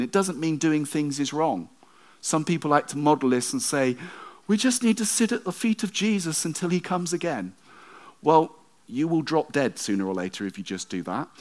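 Male preacher, conversational sermon, dry humour, mid pitch. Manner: conversational, wry asides, slows for quoted verses.

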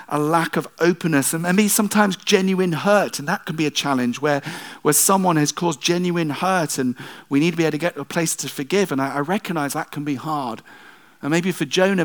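A man preaching a sermon, retelling the story in a conversational way with wry asides and swings between loud emphasis and hushed moments. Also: fairly high pitch.

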